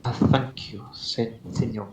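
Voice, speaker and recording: A man voicing a reserved, polite female snake-folk druid in an attempted Spanish accent, speaking haltingly in a tabletop game. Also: medium pitch, fairly even intonation, echoey room, muffled recording, noisy background, close to an everyday voice. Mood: polite, curious. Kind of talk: tabletop role-play voicing.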